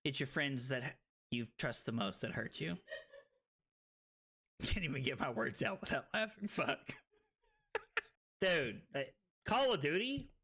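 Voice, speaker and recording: Tipsy, excitable male streamer, bright voice. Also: slow pace, pauses often, breathy edge. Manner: excitable, swinging from loud shouts to low muttering; profane, laughing banter with chat. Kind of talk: live stream commentary on a card game.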